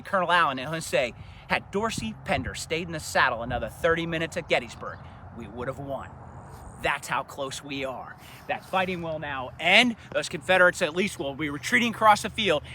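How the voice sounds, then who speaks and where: A man's voice: high-pitched, sharp tone, a little hiss or hum. A middle-aged man guiding a live outdoor battlefield talk, telling the story dramatically and asking rhetorical questions. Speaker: battlefield historian guide.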